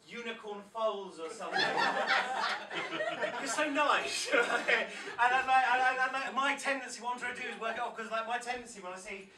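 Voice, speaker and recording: A man's voice: very high voice, brisk, few pauses, distant mic. A man in his thirties from South-West England, performing an anxious, rambling, self-interrupting poetry set in a pub, often laughing at himself. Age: 30s. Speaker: poet performing a live set. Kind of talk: rambling stand-up poetry patter. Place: pub stage before a live audience. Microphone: stage microphone, often off-mic. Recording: echoey pub room from afar, crowd.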